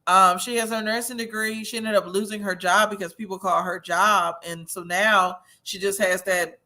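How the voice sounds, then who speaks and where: A woman's voice: medium pitch, steady tone, normal speed, pushed and bright. A woman hosting a casual livestream, chatting and gossiping as she reads viewer comments, a little tipsy and laughing often. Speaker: host of a reality-TV review livestream.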